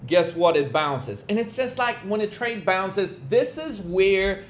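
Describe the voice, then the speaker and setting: A man's voice: high-pitched, expressive, unhurried, slight background noise. A man talking as a trading coach in a vlog, ranting bluntly with constant swearing and exasperation.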